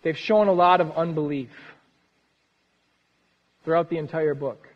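A man preaching a sermon as pastor, earnest and lively, often dropping soft at the ends of phrases. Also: a little high, unhurried. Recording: reverberant hall, dull sound.

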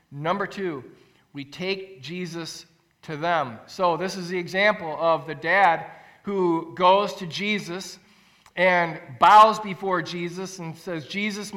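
A man preaching a sermon as pastor, earnest and animated, acting out quotes and repeating phrases for emphasis. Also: high voice. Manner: animated storytelling, acts out quotes with rising voice.

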